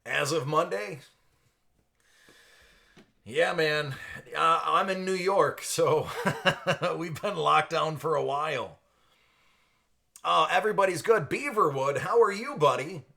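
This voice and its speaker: A man's voice: on the high side, slow, gravelly, pauses often, bright, forceful tone. A man hosting a casual live stream, chatting with viewers by name and laughing often. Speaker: live stream host for card breaks. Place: at home.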